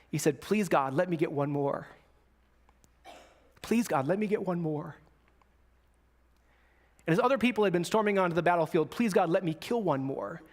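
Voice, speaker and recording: A young man preaching a sermon as a pastor, telling a story in a casual way and acting out the voices of the people in it. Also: high-pitched.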